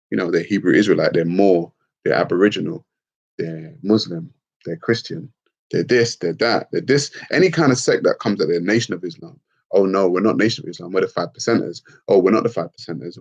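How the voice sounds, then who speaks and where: Blunt, low-voiced British man streaming. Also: slightly rough, highs cut off. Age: adult with children. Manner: blunt, profane, animated, laughs often. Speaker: livestream host reading chat comments. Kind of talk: casual livestream talk.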